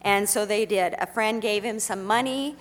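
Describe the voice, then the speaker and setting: A woman's voice: mid-range voice, moderate pace. Earnest middle-aged woman in a reverberant hall. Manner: gentle, earnest, with frequent fillers. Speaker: speaker sharing a personal story. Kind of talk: heartfelt storytelling talk.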